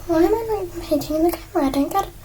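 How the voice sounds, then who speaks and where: A woman's voice: very high-pitched, racing, mellow, slight background noise, poor audio. A young woman chatting casually while painting a craft at her desk, rambling and joking at herself, now and then dropping to a whisper, filmed on an iPad. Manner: rambling, self-mocking, drifts into whispers. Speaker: crafting vlogger. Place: indoors at a desk. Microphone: iPad propped on a stool.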